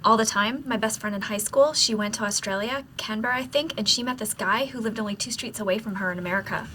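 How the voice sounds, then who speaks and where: An actress playing a chatty young office woman, talking quickly and conversationally. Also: medium pitch, sharp tone, a little hiss or hum, lightly acted. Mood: musing.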